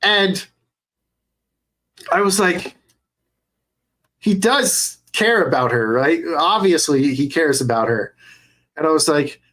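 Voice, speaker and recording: A young adult man co-hosting a podcast in casual chat, excitable and cursing freely as he retells scenes. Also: on the high side, slow, pauses often. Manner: excitable, swears a lot while retelling scenes. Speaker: podcast co-host.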